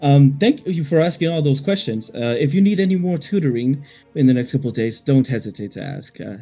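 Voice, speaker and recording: A man voicing a folksy male professor who heaps praise on his students, halting and fumbling his words. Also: medium pitch, animated, warm tone, husky, soft background music. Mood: gushing.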